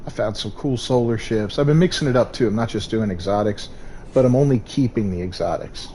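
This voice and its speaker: A man's voice: on the low side, fairly quick, warm tone, a little hiss or hum. A man hosting a gaming livestream, chatting casually in a laid-back way and thinking aloud. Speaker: streamer host.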